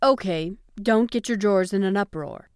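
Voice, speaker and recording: Woman doing a big jokey press agent guy, sheepish and defensive, smooth dry voice. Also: medium pitch, normal speed, darkish tone, no room sound, lightly acted. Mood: joking. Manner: sheepish, joking. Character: big easygoing joking male press agent.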